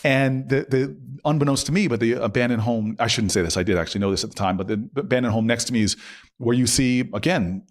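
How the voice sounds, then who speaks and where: A middle-aged man, a guest on an interview show, telling a long personal story in an animated way and acting out what people said. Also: medium pitch, quick pace. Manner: animated, acts out quotes with laughs. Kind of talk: conversational storytelling.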